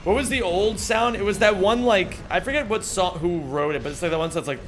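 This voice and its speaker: A man streaming a speedrun, excitable, swearing freely and bantering with his chat. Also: sits high, fairly quick, few pauses, soft background music. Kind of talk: live-stream commentary while playing.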